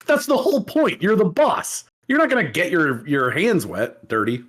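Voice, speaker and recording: A man co-hosting a casual podcast, his voice swinging widely up and down as he reacts. He jumps in with quick questions, laughs freely and lets out the odd curse. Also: fairly high pitch, very animated, fairly bright tone, slightly rough. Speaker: podcast co-host. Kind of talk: casual chat.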